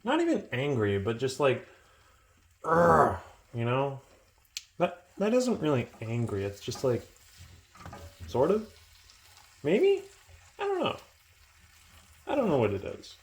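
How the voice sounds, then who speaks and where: At home in his kitchen, a man records a calm, meandering vlog on his phone camera while his food cooks. He talks slowly and low-key, drifting along and trailing off, with slight background noise.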